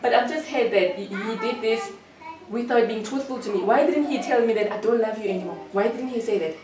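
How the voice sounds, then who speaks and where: Hurt, accusing woman, high voice in an echoey room. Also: lively intonation, brisk, background noise. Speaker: interviewee. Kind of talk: emotional personal testimony. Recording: echoey room, distant mic.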